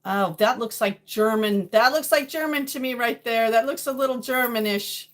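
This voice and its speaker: A woman's voice: a little high, moderate pace. A middle-aged woman from New England, hosting a casual livestream chat with viewers, playful and laughing often. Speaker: livestream host chatting with viewers.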